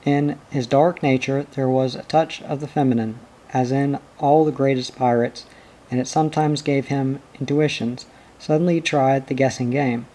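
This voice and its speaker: A man reading a storybook aloud as narrator, measured and expressive. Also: medium pitch.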